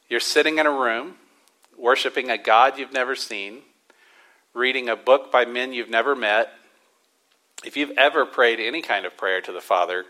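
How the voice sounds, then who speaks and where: A man preaching a sermon to a church congregation, stressing words with slow emphasis and then dropping to a quiet hush. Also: mid-range voice, poor audio. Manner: emphatic preaching with drawn-out stresses and sudden soft drops. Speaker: pastor.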